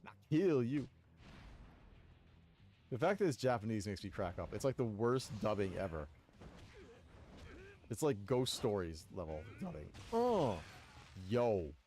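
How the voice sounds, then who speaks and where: A man streaming a game, giving casual, excitable commentary with frequent laughing reactions. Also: lowish voice, moderate pace. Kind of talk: casual let's-play commentary.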